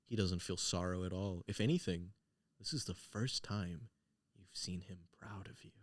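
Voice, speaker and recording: A man narrating as game master in an animated, dramatic way. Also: low-pitched, moderate pace, no room sound.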